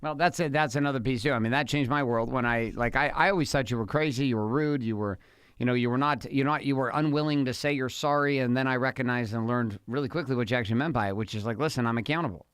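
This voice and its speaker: Emphatic man, smooth and fast. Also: medium pitch, fairly bright tone, no echo, studio quality. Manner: emphatic, repeats points. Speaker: podcast co-host. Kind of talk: casual conversation with his wife.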